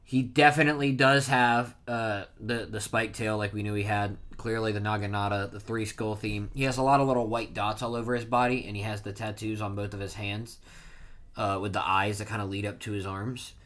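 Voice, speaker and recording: Excitable man recapping a manga chapter. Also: lowish voice, brisk. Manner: excitable, reads panel dialogue aloud with bursts of loud emphasis; rambling with frequent restarts and self-corrections. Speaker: manga reaction streamer.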